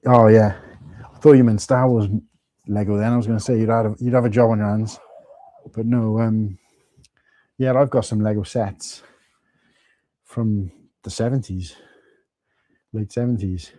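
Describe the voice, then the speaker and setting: A man's voice: fairly low pitch, steady tone, a little slow, pauses often, warm tone, no echo. A man with a Welsh accent, chatting casually with viewers as host of a live stream, calling them mate.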